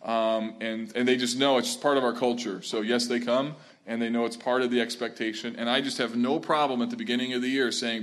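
A man's voice: medium pitch, fairly quick, few pauses. A man who is a pastor, telling stories earnestly and with feeling as he speaks and takes questions from church leaders in a room with a live audience. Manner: earnest, animated storytelling.

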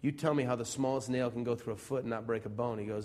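A man from Central Illinois preaching a sermon in a church. He talks conversationally, asks his congregation a lot of rhetorical questions, and swings between loud emphasis and soft asides. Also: mid-range voice, steady tone, quick pace. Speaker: pastor.

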